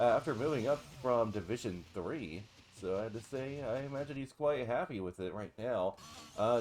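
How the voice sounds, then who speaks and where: A man with a stuffy, congested voice giving live commentary on a racing game and calmly explaining car setup. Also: mid-range voice. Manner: explanatory, steady analysis. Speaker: esports commentator.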